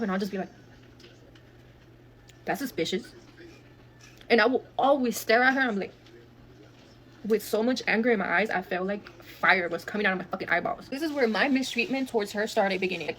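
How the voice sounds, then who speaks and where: A woman's voice: medium pitch, a little fast, long pauses, a bit bright, a little hiss or hum. A woman telling a personal storytime, blunt and full of swearing, dropping into Spanish phrases. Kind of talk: storytime monologue.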